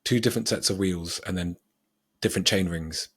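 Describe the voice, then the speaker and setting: A man's voice: deep voice, brisk, husky, no room sound, clean studio sound. A man co-hosting a podcast, chatting casually and thinking aloud with plenty of ums, often laughing at himself. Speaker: podcast co-host.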